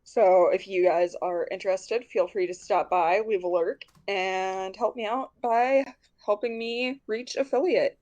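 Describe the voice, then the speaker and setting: A woman's voice: medium pitch, a little slow, darkish tone, lo-fi sound. A woman streamer talking casually, a little tired and hesitant, with many ums. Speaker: streamer guest.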